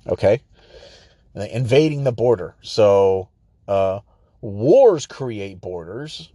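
A man's voice: on the low side, sing-song, slow pace, warm tone, husky, no echo. A man, hosting a podcast in a heated, profane monologue and sometimes mocking others in put-on voices. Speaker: podcast host. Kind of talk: casual ranting monologue.

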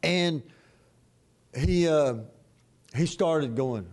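Older male pastor, sermon, folksy storytelling, lively pitch, slow delivery. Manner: animated storytelling preacher, folksy.

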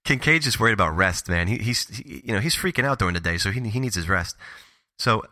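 A man co-hosting a podcast in casual chat, animated and joking, with casual swearing. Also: lowish voice, quick pace, no room sound, studio quality. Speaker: podcast co-host.

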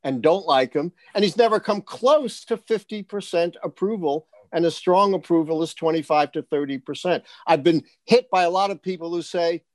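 A man's voice: fairly high pitch, moderate pace, few pauses, a little mellow, dry recording, studio quality. A man from New York, a historian guest, answering interview questions in a confident, lecturing way and laughing easily.

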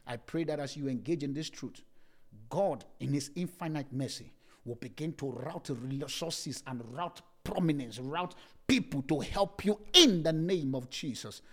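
A man's voice: fairly high pitch, lively intonation, a little slow, a bit bright. A young adult male pastor preaching a sermon, reading scripture aloud and telling humorous personal stories to his congregation. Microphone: streamed service mic.

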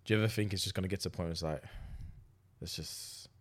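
Speaking fast in a low voice, this young podcast co-host recounts a story casually, performing the quoted lines and cursing without restraint.

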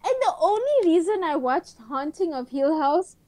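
A woman co-hosting a casual podcast chat, telling a story in an excitable, dramatic way. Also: very high-pitched, normal speed, no echo. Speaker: podcast co-host.

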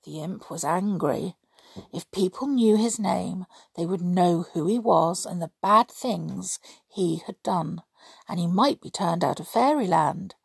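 Woman, children's story reading, expressive, dramatic, gravelly, slow. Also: lowish voice, dry recording, clean studio sound. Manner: expressive, dramatic read-aloud with gasps and whispers.

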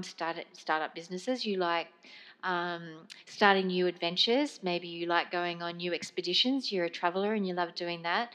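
A woman hosting a spiritual podcast, speaking slowly and gently in a meandering monologue full of fillers. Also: medium pitch. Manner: slow, meandering, gentle delivery with many fillers. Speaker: podcast host.

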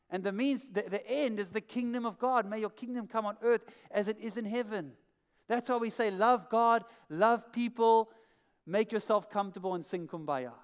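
A man preaching a sermon as pastor, animated and emphatic, often repeating key phrases. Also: high voice, clear, resonant tone. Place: church hall.

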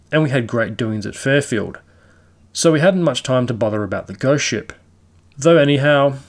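A man narrating a classic ghost story aloud in a measured storytelling manner. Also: mid-range voice.

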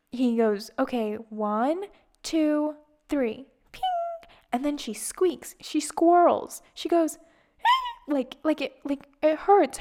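A young adult woman hosting a podcast, telling a story in a casual, animated way and acting out her own nervous thoughts. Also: on the high side. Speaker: podcast host.

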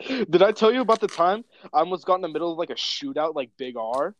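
A man's voice: on the high side, lively intonation, fast, a bit bright, dry recording. A young man chatting casually, telling rambling stories full of slang and swearing. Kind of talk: casual chat.

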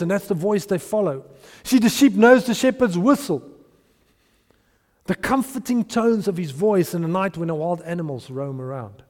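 High-voiced preacher in a reverberant hall. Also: male voice. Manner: earnest preaching with rising emphasis and soft trailing phrase endings. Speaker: pastor. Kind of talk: sermon.

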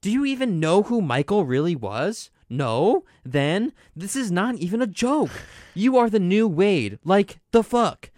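A man's voice: sits high, very animated, darkish tone, no echo, studio quality, voice pushed up. A man voicing a furious, devoted fan who scolds in broken English. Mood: outraged. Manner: indignant, rapid scolding.

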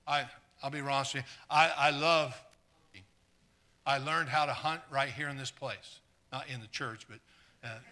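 Delivering a live sermon that involves volunteers from the audience, this fairly high-pitched man speaks earnestly, stumbling on repeated words. He banters with the congregation and swings between hushed asides and passionate outbursts.

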